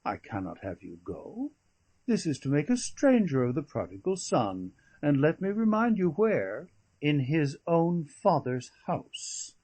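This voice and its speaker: A man reading an audiobook, voicing a charming, scheming young nobleman with hearty, mocking friendliness and a husky voice. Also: fairly high pitch, big pitch swings, unhurried, a little mellow, pitched above the performer's own voice. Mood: mock hurt.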